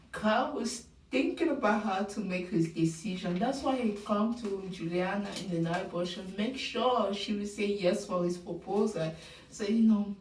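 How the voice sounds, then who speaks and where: Animated woman recapping reality TV. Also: mid-range voice. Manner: animated and opinionated, mocking the people she quotes. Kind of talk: casual commentary. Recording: roomy sound, mic at a distance.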